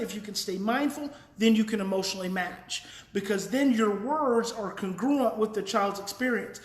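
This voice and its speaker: A man's voice: very high voice, sharp tone, echoey room. A man hosting a daily live parenting talk, explaining earnestly in a casual way and thinking aloud with restarts while reading viewer comments.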